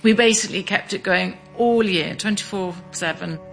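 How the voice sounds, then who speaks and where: A middle-aged woman from Scotland telling her story in an interview, measured, with small restarts. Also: mid-range voice, vocal fry, fairly bright tone, faint music behind. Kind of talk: reflective interview.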